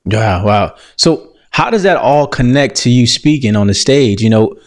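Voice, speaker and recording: A man's voice: mid-range voice, animated, normal speed. Male host asking rambling questions. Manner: asks long, rambling follow-up questions. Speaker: interview host. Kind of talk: conversational interview.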